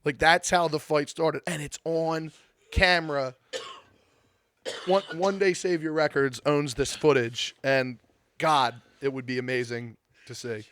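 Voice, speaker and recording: A man's voice: a little high, fairly even intonation, a little slow, a bit bright, clean tone. A man talking as a podcast guest in casual chat, telling stories in a rambling way, full of "like" and restarts. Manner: rambling storyteller, lots of "like", blunt. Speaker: strongman coach and guest.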